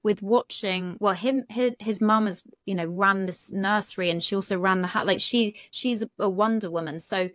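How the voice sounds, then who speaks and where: A woman's voice: medium pitch, moderate pace, few pauses, a bit bright, no echo, clean studio sound. A British woman, a relationship coach, talking frankly on a podcast and swearing casually. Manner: frank, chatty, swears casually, many fillers. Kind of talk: candid podcast conversation.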